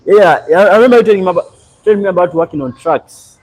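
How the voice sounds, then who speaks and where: A young man from Uganda, hosting a live stream and chatting in a relaxed, rambling way as he answers viewers. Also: high voice, fast talker, low-quality recording. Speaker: livestream host. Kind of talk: casual live stream chat.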